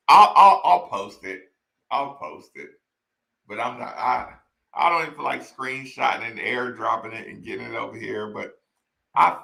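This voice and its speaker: A man's voice: medium pitch, gravelly, pushed and bright, roomy sound. A man talking casually as a host, laughing often and repeating himself while reacting to old game footage. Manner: laughs often, repeats lines, addresses "y'all". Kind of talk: casual chat.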